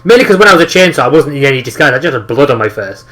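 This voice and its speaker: A man's voice: medium pitch, big pitch swings, very fast, fairly bright tone. A young man with a Teesside accent, co-hosting a podcast in casual chat, telling sweary anecdotes and acting out quotes. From northeast England. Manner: swears often, tells anecdotes with acted-out quotes. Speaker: podcast co-host.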